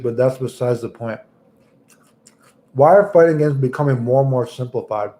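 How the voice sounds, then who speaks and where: A male streamer chatting casually with his audience in a rambling, crude, joking way. His voice sits at an average pitch for a man. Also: normal speed, warm tone. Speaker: livestreamer.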